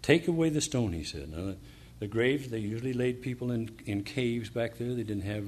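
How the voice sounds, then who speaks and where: A man preaching a sermon, reading verses and explaining them, pausing often with fillers and restarts, then building up to fervent emphasis. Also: lowish voice, a little mellow.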